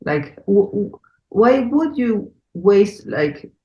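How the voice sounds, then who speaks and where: Podcast host, woman with a Mexico City accent, earnest, unhurried, roomy sound. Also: mid-range voice, big pitch swings, darkish tone, muffled recording. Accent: Mexico City Spanish. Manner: earnest, effusive, many fillers. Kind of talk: conversational interview.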